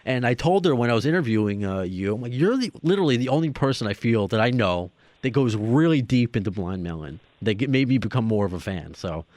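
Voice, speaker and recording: Lively, halting man hosting a podcast. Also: mid-range voice, no room sound. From New York. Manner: halting, restarts often, lively. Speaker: podcast host. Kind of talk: casual interview chat.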